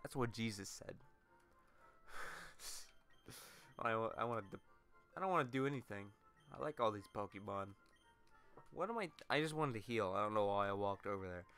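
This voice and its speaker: A man's voice: on the low side, animated, moderate pace, long pauses, fairly bright tone, soft background music. A man hosting a let's play, rambling through crude, self-mocking jokes while commenting on the game.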